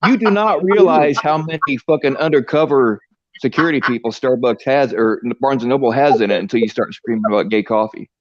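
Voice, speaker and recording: A man's voice: mid-range voice, fairly quick, dry recording. A man rants through a crude story, swearing constantly and rambling in his everyday tone. The sound is dull and lo-fi, a dry stream recording. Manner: profane, rambling rant.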